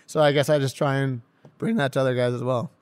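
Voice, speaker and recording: A young man, a professional hockey player, chatting casually in an interview, excitable and rambling, laughing often. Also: medium pitch, fast, smooth, no room sound. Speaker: pro hockey player guest.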